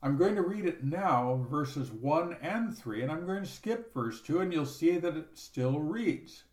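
Slow, measured male Bible teacher. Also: on the high side, expressive, a little mellow. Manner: measured, explanatory, reads scripture aloud with stress on key words. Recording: echoey room.

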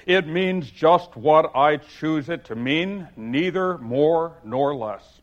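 A man putting on a loud, pompous talking egg. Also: medium pitch, a little slow, close to an everyday voice. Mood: scornful. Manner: loud, emphatic, lordly. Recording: dull lo-fi recording.

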